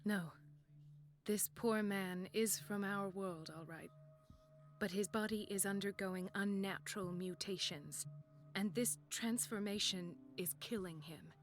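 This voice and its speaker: A principled female physician , acted by a woman, who speaks in a firm, earnest way. Her voice sits in a middle pitch for a woman, with faint game music underneath. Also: fairly even intonation, measured pace, close to an everyday voice. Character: principled, indignant female doctor. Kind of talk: video game voice acting.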